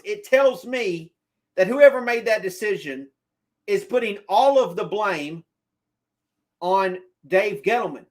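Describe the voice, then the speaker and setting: A man with a notably high-pitched voice delivers football opinions on a live stream. He talks to his chat directly, repeating his points for emphasis and arguing them out loud. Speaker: sports streamer.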